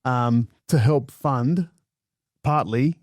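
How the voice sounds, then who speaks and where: A man's voice: mid-range voice, extremely slow, a little mellow, no room sound, studio quality. A man co-hosting a podcast in a chatty, questioning way, with crude jokes now and then. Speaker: podcast co-host. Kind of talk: casual podcast chat.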